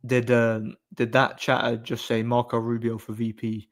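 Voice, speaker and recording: A man's voice: mid-range voice, monotone, moderate pace. A man chatting casually on a live stream, answering chat in a blunt, opinionated, rambling way.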